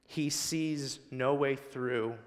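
A man's voice: medium pitch, steady tone, extremely slow, long reverb tail. A male guest preacher delivering a sermon in a church, building emphasis through repetition. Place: church sanctuary.

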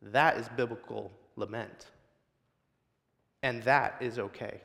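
A man's voice: medium pitch, steady tone, slow pace, gravelly, fairly bright tone, long reverb tail. A male guest preacher delivering a sermon in a church, building emphasis through repetition. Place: church sanctuary.

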